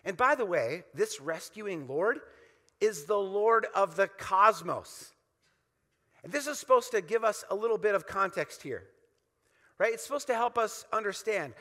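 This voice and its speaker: A man's voice: sits high, expressive, unhurried, sharp tone, in a large hall. A man preaching a sermon as pastor, emphatic and repetitive, leading the congregation in call-and-response.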